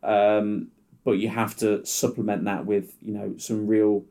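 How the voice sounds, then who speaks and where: A man's voice: on the low side, flat delivery, measured pace, dark tone. A man who reports on football, chatting casually on a podcast, hesitant and full of restarts. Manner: hesitant, with many restarts and fillers.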